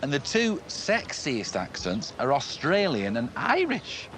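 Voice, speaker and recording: A sarcastic grown-up son. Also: male voice, medium pitch, wildly swooping pitch, unhurried, fairly bright tone, slight background noise. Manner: dry and sarcastic. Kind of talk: sitcom acting.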